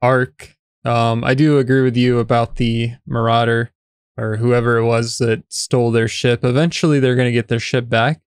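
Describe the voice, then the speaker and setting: Man co-host, flat steady delivery, smooth clear tone, dry close sound, relaxed chat with fillers. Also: medium pitch, normal speed, dry recording. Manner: even, relaxed, lots of fillers and restarts. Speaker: podcast co-host. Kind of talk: casual chat reviewing an episode.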